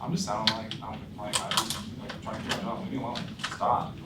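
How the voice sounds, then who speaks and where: A man giving blunt, animated sales coaching to his team, acting out phone calls as he tells stories. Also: on the low side, fast. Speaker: insurance sales trainer. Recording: roomy echo, distant mic, background noise.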